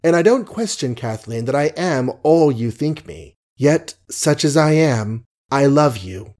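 A man's voice: mid-range voice, animated, unhurried, darkish tone, lightly acted. A man voicing a flippant but persuasive young poet in an audiobook, speaking earnestly to the woman he loves.

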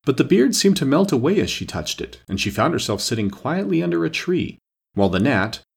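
A man narrating a children's storybook aloud with an expressive, lively delivery. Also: mid-range voice, brisk, creaky, slightly rough. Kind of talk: storybook reading.

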